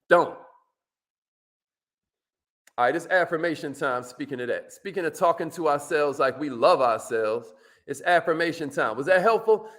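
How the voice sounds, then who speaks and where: A man hosting a live coaching stream. He is energetic and slangy, calls out viewers by name, and drops into low asides.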